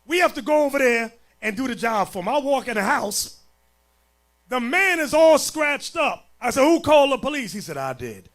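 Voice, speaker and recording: Blunt preaching man, high animated voice. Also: normal speed. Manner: blunt, swings from low mutters to shouts. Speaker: bishop. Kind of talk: sermon.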